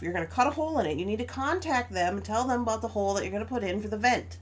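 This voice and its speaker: A woman's voice: medium pitch, animated, racing. A young adult woman chatting casually as a crafting stream host, telling a story with frequent laughs and acting out both sides of an argument.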